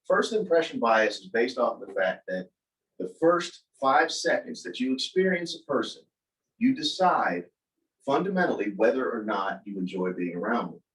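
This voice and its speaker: A man telling a personal story in a casual talk, animated and acting out the voices of the people he quotes. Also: medium pitch, normal speed. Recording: voice from a distance from the mic.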